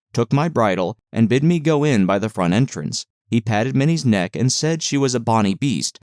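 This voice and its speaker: A man narrating a classic novel as an audiobook, in a measured, expressive reading. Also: medium pitch, no room sound, clean studio sound.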